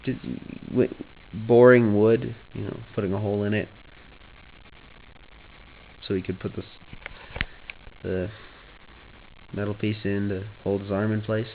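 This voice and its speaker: A man's voice: on the low side, little pitch movement, a little slow, pauses often, phone-quality sound, slight background noise. A young man vlogging casually, joking offhand, trailing off and restarting his thoughts. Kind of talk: rambling casual vlog.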